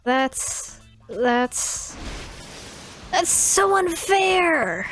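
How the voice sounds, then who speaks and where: A woman streamer voicing an excitable, lovestruck young man from a game, frantic and whiny. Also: very high-pitched, extremely slow, faint music behind, pitched above the performer's own voice, exaggerated voice. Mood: panicked.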